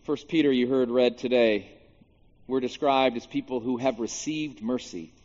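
A man, a pastor, preaching a sermon in an animated way, swinging between hushed and loud moments, with jokey asides. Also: mid-range voice, moderate pace. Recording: dull sound with long reverb in a large hall.

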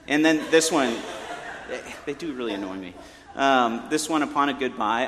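A man's voice: medium pitch, expressive, moderate pace, fairly bright tone, slight background noise. Man preaching in a reverberant church. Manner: conversational, joking asides. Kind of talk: sermon. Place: church sanctuary.

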